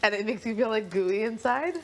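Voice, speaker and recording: A woman's voice: on the high side, fairly quick, a bit bright, a little hiss or hum. A woman chatting casually indoors, teasing and giggling, sometimes mimicking others in a mock-sweet voice. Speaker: reality show houseguest. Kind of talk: casual chat. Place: indoor living space in a reality show house.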